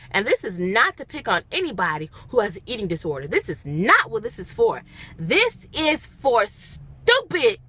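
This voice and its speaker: A young woman tells a story to her phone camera in a bright, sharp voice that swoops high and low. She talks in a casual, dramatic way, repeating lines for emphasis. Her voice sits fairly high. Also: dry recording. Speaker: vlogger.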